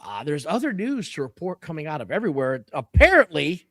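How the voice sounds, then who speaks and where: A man co-hosts a wrestling podcast and talks in a fired-up, opinionated way. His voice sits high and swoops around a lot. The sound is dry and close to the mic. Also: a little fast, dry recording. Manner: animated, opinionated ranting. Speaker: podcast co-host. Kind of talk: casual chat.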